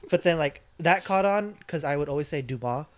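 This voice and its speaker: A man's voice: a little high, brisk. A young man co-hosting a casual podcast, telling childhood stories and acting out the voices of the people in them. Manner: animated storyteller, acts out quoted voices. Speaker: podcast co-host. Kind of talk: casual chat, storytelling.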